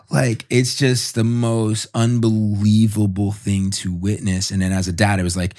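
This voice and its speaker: A man guest on a podcast, telling a personal story in a heartfelt, halting way with many restarts. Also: lowish voice, level tone, darkish tone.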